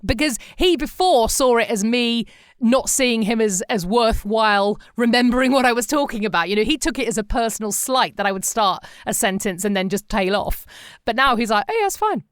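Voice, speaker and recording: A woman's voice: on the high side, moderate pace, smooth, dry recording, clean studio sound. A middle-aged woman co-hosting a podcast in casual chat, telling stories with animation and acting out the voices of people she quotes. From England. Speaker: podcast co-host.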